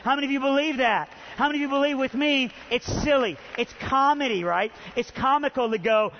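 A man preaching a sermon, telling a funny personal story and acting out both voices, building up to shouting. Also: very high-pitched, fast, hardly any pauses, slight background noise. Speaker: pastor. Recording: muffled sound with long hall reverb.

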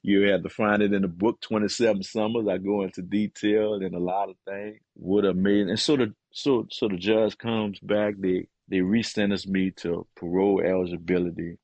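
Deep husky man telling an emotional story. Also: level tone, normal speed, few pauses, a little mellow, no room sound, highs cut off. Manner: earnest, emotional storytelling with frequent "man" and hesitations. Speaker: guest and author. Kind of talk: personal testimony in conversation.

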